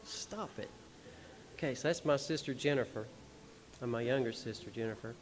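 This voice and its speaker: Talking fast in a mid-range voice, a man on a concert hall stage recounts family anecdotes about his father, the musician honored at the tribute show. The speech is personal, folksy, rambling, and emotional, with small chuckles along the way.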